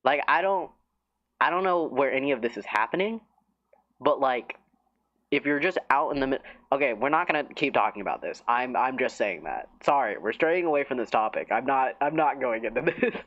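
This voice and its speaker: A man's voice: medium pitch, lively intonation, a little fast. Male streamer, casual chat, giggly, self-mocking, rambling, slightly lo-fi audio.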